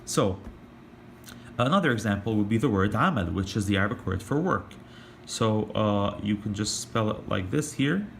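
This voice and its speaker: A man teaching an online lesson in a casual, hesitant way, full of fillers and restarts, who slows down to demonstrate sounds. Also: fairly low pitch, lively intonation, creaky, slight background noise. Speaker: language teacher.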